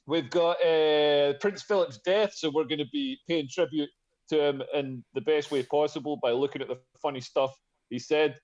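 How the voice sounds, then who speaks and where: A man chats loosely as a comedy podcast host, rambling and restarting his sentences. His voice sits a little high, and the recording sounds dull and lo-fi. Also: normal speed, darkish tone. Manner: rambling, full of fillers and restarts. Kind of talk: casual chat.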